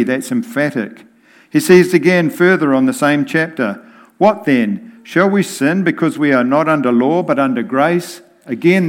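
A man preaching a sermon in a deliberate, emphatic way. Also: on the high side.

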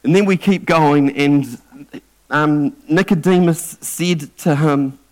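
A man's voice: fairly high pitch, takes it slowly. A man preaching a sermon in an earnest way, often stumbling and repeating words as he restarts.

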